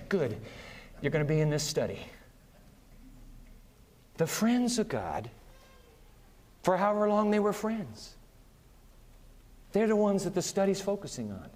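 A man preaching a sermon in a lively, conversational style, chuckling often as he goes. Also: high voice, normal speed, pauses often. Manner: animated, conversational, laughs often. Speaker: pastor. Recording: long reverb of a big hall.

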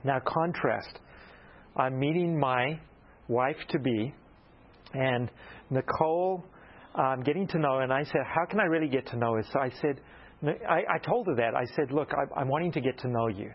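A man preaching a storytelling sermon, animated and self-mocking, acting out the dialogue in his story. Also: mid-range voice, normal speed, muffled recording.

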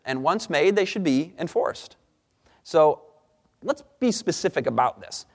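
A man in his thirties giving an earnest parenting talk, mixing scripture with joking family stories. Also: on the high side. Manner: earnest, anecdotal with joking asides. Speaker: speaker on Christian parenting. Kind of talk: seminar talk.

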